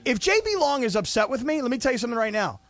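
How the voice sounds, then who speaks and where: Man, sports radio co-host, very high voice, lively swings, excitable, defensive, dry close studio mic. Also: very fast, dry recording. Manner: excitable, defensive, bursts into shouted play calls.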